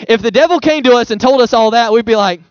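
A man's voice: very high-pitched, fast talker, clear, resonant tone, no room sound, lo-fi sound. A male pastor giving a sermon in a conversational, playful way, with homely examples.

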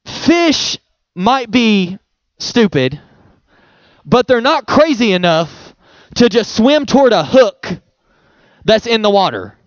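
A man's voice: sits high, very animated, slow, pauses often, no echo, lo-fi sound. A male pastor giving a sermon in a conversational, playful way, with homely examples.

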